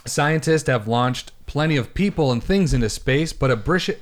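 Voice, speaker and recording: A man co-hosts a relaxed podcast, reading odd news aloud and drifting into loose, joking tangents full of fillers. His voice sits at an ordinary middle pitch. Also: normal speed. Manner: rambling, filler-heavy and joking. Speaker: podcast co-host. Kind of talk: casual chat reading news.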